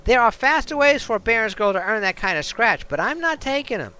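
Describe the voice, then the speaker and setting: A man's voice: extremely high pitch, big pitch swings, brisk, pushed and bright, clear, resonant tone, voice pushed up, full character voice. A man voicing a tough, streetwise female elf bartender with a put-on New York accent. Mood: defiant. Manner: sassy, defiant.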